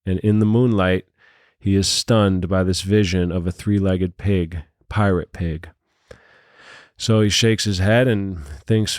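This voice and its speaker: Rambling low-voiced man telling a joke. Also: takes it slowly, dry recording, clean studio sound. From New York City. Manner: rambling, animated, laughing asides. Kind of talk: casual chat, storytelling a joke.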